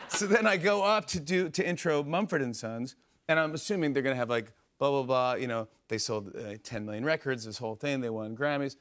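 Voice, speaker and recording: A man in his forties hosting a talk show, telling an excited, rambling story full of fillers and quick impressions. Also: medium pitch, a little hiss or hum. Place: television studio.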